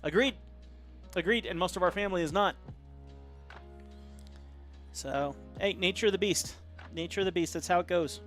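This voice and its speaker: Guy chatting while he draws on a live stream, rambly, a bit high voice, soft music behind. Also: normal speed, pauses often. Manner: rambling, reads viewer comments aloud. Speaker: caricature artist live-streaming. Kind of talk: casual live-stream chat.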